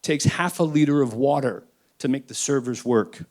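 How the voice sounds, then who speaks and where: A man speaking on a panel, emphatic and emotional, swinging between loud declarations and quiet asides. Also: mid-range voice, normal speed. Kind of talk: impassioned panel talk.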